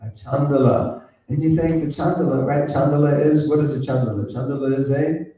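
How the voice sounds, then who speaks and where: A man's voice: on the high side, steady tone, brisk, dark tone, lo-fi sound. A man telling a spiritual story to a gathering, playful, laughing often and quizzing the listeners, recorded from a distant mic in an echoey room. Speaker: spiritual teacher.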